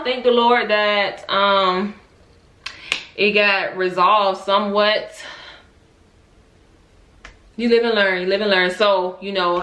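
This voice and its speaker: A young woman tells her story in a bright, forceful voice, animated and quick to break into laughter. The sound bounces around an echoey room. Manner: animated, acts out quotes in high voices, laughs often. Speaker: vlogger. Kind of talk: casual storytelling.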